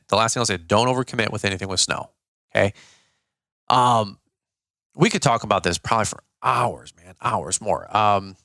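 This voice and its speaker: A man's voice: medium pitch, a bit bright, no echo, clean studio sound. A middle-aged man who owns a lawn care company, talking business on a podcast in a blunt, slangy, rambling way with lots of fillers. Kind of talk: casual business talk.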